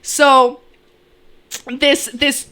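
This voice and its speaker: A young woman from Canada, co-hosting a podcast and telling a story with her brother, animated and laughing as she acts out quotes. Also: sits high, extremely slow. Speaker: podcast co-host. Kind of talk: casual storytelling chat.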